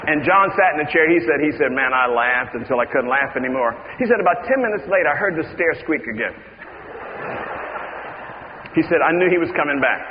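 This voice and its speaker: A high-voiced man preaches with dramatic swings from near-whispers to ringing shouts. His sermon rolls around a big reverberant church hall. The recording is dull and slightly muffled, with a faint hiss underneath. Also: expressive, brisk.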